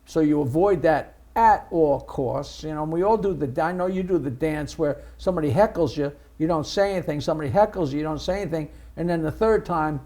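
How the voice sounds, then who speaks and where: A man's voice: on the high side, a little fast, hardly any pauses, warm tone. An older man, a comedy talk show co-host, asking probing follow-up questions in casual chat.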